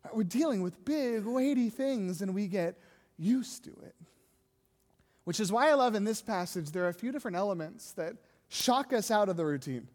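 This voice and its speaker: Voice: medium pitch, animated, normal speed, a little mellow. A pastor preaching a sermon in a conversational way, often asking the congregation rhetorical questions. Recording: long hall reverb.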